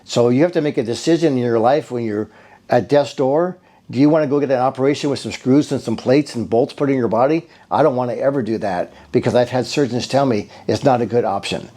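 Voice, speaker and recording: A man's voice: medium pitch, fairly quick, dark tone. A middle-aged man telling his own story as a patient testimonial, rambling and acting out the conversations he had along the way. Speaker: bodywork therapist giving a patient testimonial. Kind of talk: casual spoken testimonial.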